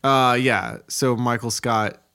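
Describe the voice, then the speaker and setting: A man's voice: mid-range voice, takes it slowly, pushed and bright, clean tone. A man co-hosting a podcast in casual chat, teasing his partner with dry banter. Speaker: podcast co-host.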